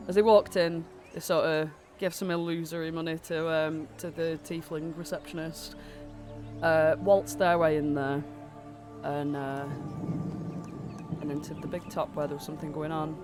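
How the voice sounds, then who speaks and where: A man's voice: a little high, level tone, normal speed, over music. A man narrating as game master of a tabletop game, rambling with lots of fillers while he has a cold.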